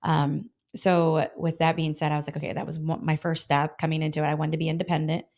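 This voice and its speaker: A woman's voice: deep voice, completely flat delivery, fast, darkish tone. A middle-aged woman, a health insurance broker, telling stories in a casual interview and acting out both sides of her phone calls.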